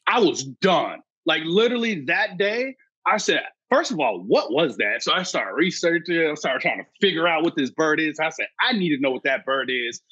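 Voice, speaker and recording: A man, a birding educator and podcast guest, telling an excitable story and acting out his own past thoughts. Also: fairly high pitch, normal speed, husky, dry recording, muffled recording. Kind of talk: animated storytelling.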